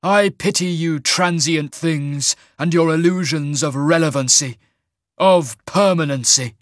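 A man's voice: on the high side, no echo, clean studio sound, pitched above the performer's own voice, close to an everyday voice. Man voicing an ancient, haughty immortal general. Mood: lofty. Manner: haughty, slow and lofty. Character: ancient arrogant immortal male general, disdainful.

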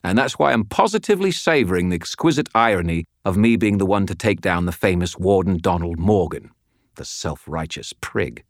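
A man's voice: deep voice, lively intonation, brisk, no echo, studio quality. A man voicing a cheerful, menacing middle-aged man with a Cockney accent, clipped and taunting. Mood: smug.

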